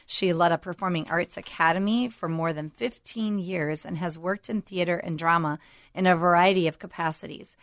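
Brief: woman co-host, engaged and responsive, lowish voice, dry close mic. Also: moderate pace, no room sound. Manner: engaged, responsive, frequent affirming replies. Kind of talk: talk show hosting.

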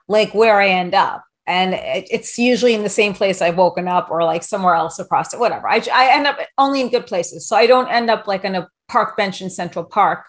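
A woman's voice: medium pitch, brisk, few pauses. A woman from New York City hosting a casual podcast, talking in a brash, rambling, jokey way full of likes. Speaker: podcast host.

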